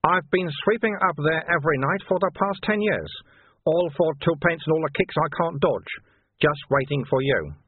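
A man reading an audiobook, voicing a calm, wily older sweeper-monk who teases dryly. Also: a little high, normal speed, husky, dry recording, voice pushed up. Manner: calm, dryly teasing, knowing. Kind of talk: audiobook character voice. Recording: dry tinny phone-like sound.

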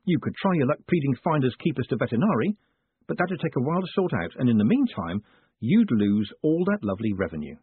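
A man's voice: mid-range voice, sing-song, fast, breathy edge, no room sound, voice pushed up. Man playing a glib, cocky con man. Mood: smug. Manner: glib, persuasive, theatrical. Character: smooth-talking, cocky young male con man. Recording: phone-like dry audiobook sound.

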